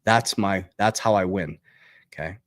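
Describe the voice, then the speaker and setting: At a measured pace and with no echo, the crypto and investing channel host pushes his motivational message on investing. Emphatic, repetitive and increasingly fired up, he keeps asking "okay?" while his pitch jumps on each punchline.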